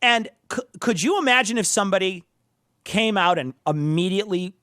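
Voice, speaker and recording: Animated, laughing male podcast co-host. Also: high voice, normal speed, clear, resonant tone, no room sound, clean studio sound. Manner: laughing, profane, mocking mimicry. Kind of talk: casual chat.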